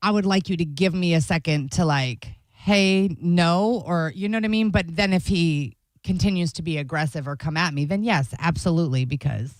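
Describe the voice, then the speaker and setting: A woman's voice: low-pitched, fairly quick, few pauses, darkish tone, no room sound. A woman co-hosting a radio talk show, speaking frankly and emphatically in casual chat. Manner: frank, emphatic, asks questions back.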